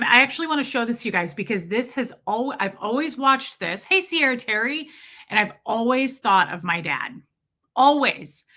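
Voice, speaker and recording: Reading through chat on her casual livestream, a woman in her forties rambles happily and thanks viewers one by one by name. She speaks with a fairly high, pushed, bright voice.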